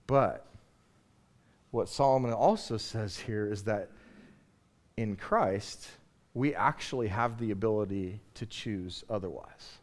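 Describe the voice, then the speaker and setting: A middle-aged male pastor preaching a conversational sermon, which swings from quiet asides to loud, emphatic points. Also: on the low side, expressive, slow pace, long pauses.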